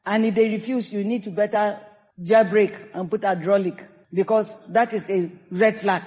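A woman pastor with a Nigerian accent preaching a sermon, emphatic and lively, acting out quoted people. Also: medium pitch, normal speed. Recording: dull sound with long hall reverb.

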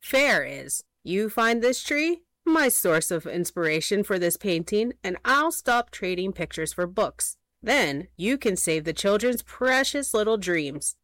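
A woman voicing a sly, greedy little male hedgehog painter with a squeaky voice, in a storybook reading. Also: big pitch swings, a little slow, few pauses, a bit bright, no room sound. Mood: scheming. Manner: sly, scheming.

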